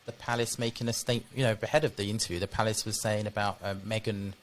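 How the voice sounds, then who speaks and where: A man's voice: on the low side, little pitch movement, fast, slight background noise. A man co-hosting a podcast in casual chat, conversational and fond of tag questions. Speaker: podcast co-host.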